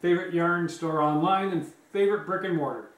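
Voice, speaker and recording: A man's voice: on the high side, a little fast. A man joining his partner's crochet video, answering in short, dry replies. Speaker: host's partner, co-guest. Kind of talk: casual chat. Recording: roomy, distant mic.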